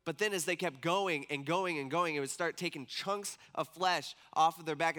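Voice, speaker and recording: Bright-voiced man preaching casually. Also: fairly high pitch. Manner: casual, animated retelling with acted-out quotes. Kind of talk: storytelling sermon.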